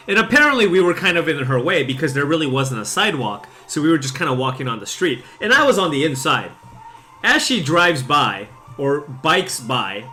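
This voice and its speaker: Lively, bright-toned man telling a story. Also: fairly high pitch, normal speed, faint music behind. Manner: rambling, with many fillers, restarts and laughs. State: slightly tipsy. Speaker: Magic gaming streamer. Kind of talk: casual storytelling chat while playing.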